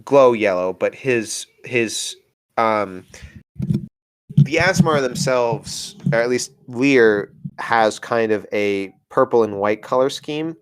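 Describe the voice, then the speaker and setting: A man's voice: mid-range voice, slow, clear, resonant tone. A man narrating as game master in a casual, playful, rambling way, with many fillers.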